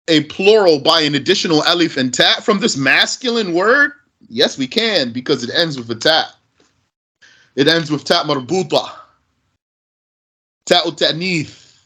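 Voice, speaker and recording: A man's voice: on the high side, pushed and bright. A man teaching Arabic grammar, asking and answering his own questions as he explains.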